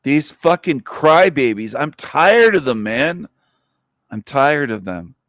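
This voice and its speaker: A man's voice: fairly high pitch, animated, slow, a bit bright, no room sound. Profane, scornful man ranting. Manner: blunt and profane, with scornful laughs. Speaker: livestream host. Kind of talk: angry rant.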